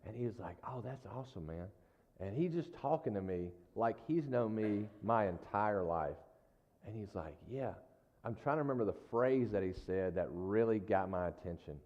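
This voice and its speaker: A man preaches in a loose, folksy storytelling way, checking in with the congregation as he goes. His voice sits on the low side. The recording is dull and lo-fi, with a long reverb from a large hall. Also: expressive, moderate pace. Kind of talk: casual storytelling sermon.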